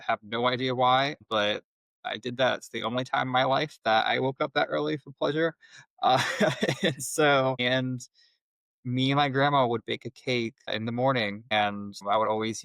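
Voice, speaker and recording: A man telling his personal story as a podcast guest, in a halting, reflective way with many restarts. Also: medium pitch, steady tone, vocal fry, a bit bright, no room sound, rough recording.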